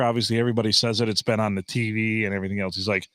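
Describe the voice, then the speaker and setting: A man's voice: mid-range voice, fast, hardly any pauses, no room sound. A man hosting a podcast in a studio, telling stories in casual chat and laughing often. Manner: animated storyteller, laughs often. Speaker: podcast host.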